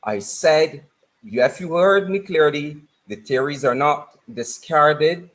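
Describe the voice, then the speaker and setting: A man's voice: a little high, takes it slowly. A man lecturing firmly in a live-stream debate, cutting in with repeated refusals. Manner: firm, lecturing, cuts in with repeated no.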